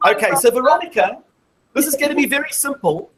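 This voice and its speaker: A woman's voice: sits high, expressive, a little fast, poor audio. A woman presenting a live maths show to a classroom of children, explaining step by step and quizzing the class as she goes.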